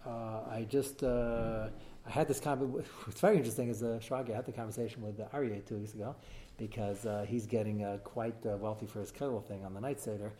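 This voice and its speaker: A man teaching a text-study class, explaining quickly and animatedly with frequent "uh" fillers. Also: on the low side, steady tone, dark tone, slight background noise.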